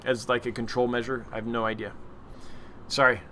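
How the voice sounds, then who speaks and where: A man's voice: medium pitch, little pitch movement, a little fast, a bit bright, a little hiss or hum. A man hosting a weekly livestream, chatting casually as he answers viewer questions and laughs at his own slips. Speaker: livestream host.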